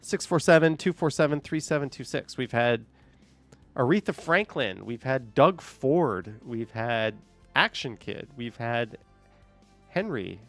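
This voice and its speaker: A man's voice: mid-range voice, lively intonation, measured pace, fairly bright tone, soft background music. A man hosting a live stream, chatting with callers, laughing often and reading chat messages aloud.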